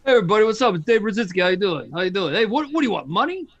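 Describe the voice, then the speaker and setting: A man's voice: sits high, sing-song, rapid-fire, a bit bright, no echo, muffled recording, full character voice. A man putting on a throaty Brooklyn accent to imitate a friend, rambling and self-mocking. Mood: joking. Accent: Brooklyn (put on).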